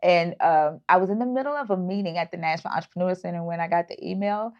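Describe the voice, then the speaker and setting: A woman's voice: fairly low pitch, quick pace. Brief: woman, 30s, earnest guest on a video call, muffled lo-fi audio. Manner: earnest, with frequent fillers and restarts. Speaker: startup founder and guest. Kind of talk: casual interview talk. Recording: dull lo-fi audio.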